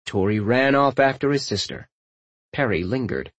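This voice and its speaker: A man reading a fantasy novel aloud, his pitch rising and falling freely in an animated telling. The recording is dry and close, with no room sound. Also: moderate pace, dry recording. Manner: lively, expressive storytelling. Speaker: audiobook narrator. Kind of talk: scripted narration.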